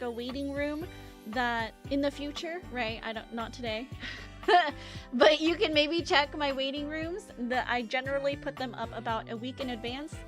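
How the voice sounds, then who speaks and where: A young woman streaming a game live, chatting casually and greeting her chat by name. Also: high voice.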